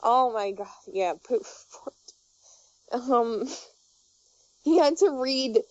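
A woman's voice: on the high side, expressive, drawn-out words, no echo. A young woman chatting casually, telling rambling, giggly stories full of fillers and restarts. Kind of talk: casual chat. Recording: dull muffled audio.

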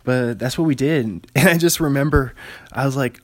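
A man's voice: mid-range voice, moderate pace, no echo, clean studio sound. A man in his thirties from Washington State, hosting a solo podcast and telling rambling, digressive stories with frequent chuckles. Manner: digressive, chuckling, casual storyteller. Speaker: podcast host.

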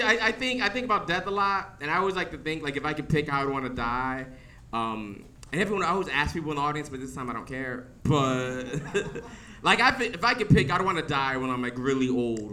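A man doing a stand-up set on a club stage, animated and laughing through his punchlines. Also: mid-range voice, a little hiss or hum. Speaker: stand-up comedian. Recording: live club mic, distant with crowd laughter. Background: audience laughing.

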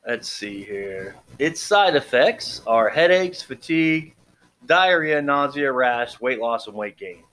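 A man's voice: fairly high pitch, expressive, a little slow, a bit bright, slight background noise. A man reading out medication side effects in a casual vlog, tripping over long medical words and adding dry, joking asides. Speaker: vlogger reviewing medications. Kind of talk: casual read-aloud commentary.

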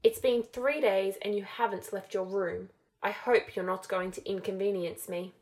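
A woman's voice: mid-range voice, fairly even intonation, normal speed, a little mellow, lightly acted, rough recording. Woman reading as a cold, drawling young man. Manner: clipped, drawling. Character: cold, sneering young male lord's enforcer.

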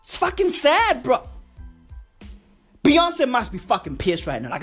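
A high-pitched woman delivers a profane comedic rant, slow and deliberate, leaning on slang tags and mock-serious emphasis. Faint music plays underneath. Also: huge pitch swings, husky.

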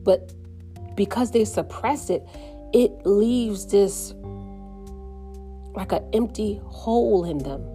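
A middle-aged woman and mother speaking earnestly in a reflective personal monologue, slowing down when things get painful. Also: medium pitch, warm tone, soft background music. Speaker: mother sharing her story.

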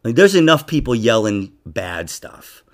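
Brief: middle-aged male podcast host, animated, profane, wide-ranging pitch. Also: moderate pace. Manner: loud, profane, animated, laughing often. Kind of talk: casual podcast chat.

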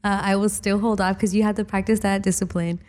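A woman's voice: mid-range voice, little pitch movement, fast, darkish tone. A young woman hosting a podcast, talking in a casual, rambling way. She pads her sentences with fillers and laughs often as she tells stories. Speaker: podcast host. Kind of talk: casual chat.

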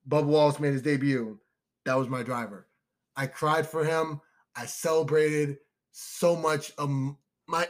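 Excitable young man, higher voice. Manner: excitable, emotional fan talk, addresses listeners as y'all. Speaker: podcast co-host. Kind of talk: casual chat.

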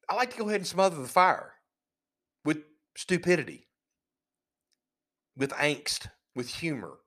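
A man's voice: mid-range voice, a bit bright. Sarcastic mocking podcast host, man. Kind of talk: solo podcast monologue. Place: living in a van.

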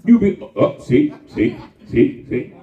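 A man preaching a lively, folksy sermon with call-and-response and shouts to the congregation. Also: medium pitch, slow pace. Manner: folksy, conversational, acts out quoted voices. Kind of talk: lively Palm Sunday sermon. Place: church sanctuary. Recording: echoey church heard from far off over a tinny line.

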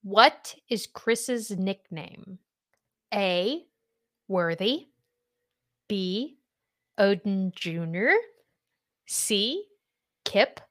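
A woman in her thirties who hosts a podcast, chatting casually and quizzing her guest with lively swings in pitch. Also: drawn-out words, pauses often. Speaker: podcast host. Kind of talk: casual chat.

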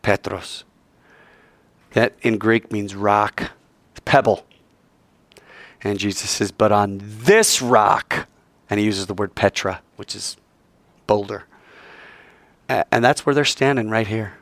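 A man's voice: on the low side, measured pace, long pauses, no echo. A man preaching a sermon, telling the story with energy and acting out the voices of the people in it. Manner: animated storytelling, acts out voices, swings from loud to soft.

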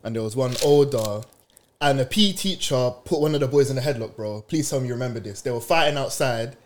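A man's voice: mid-range voice, quick pace. A young man, telling stories in slangy podcast banter. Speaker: podcast co-host. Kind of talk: casual chat.

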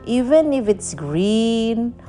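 A smug, teasing big brother from a children's storybook, as a woman reads his lines. He needles his little sister in a lively, unhurried voice. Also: fairly high pitch, soft background music.

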